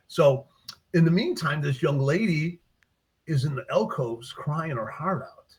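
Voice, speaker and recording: A man, a book author in a casual interview, retelling his short stories with lively acted-out character lines. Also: fairly high pitch, a little slow, faint music behind. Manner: animated storyteller, acts out characters' lines.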